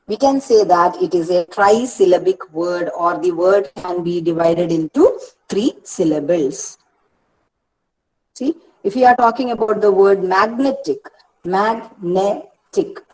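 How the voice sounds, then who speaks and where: Patient woman lecturing, slow repeated examples. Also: medium pitch, a little mellow, poor audio. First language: Malayalam. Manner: explains patiently, repeats words slowly, corrects herself. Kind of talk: recorded lecture.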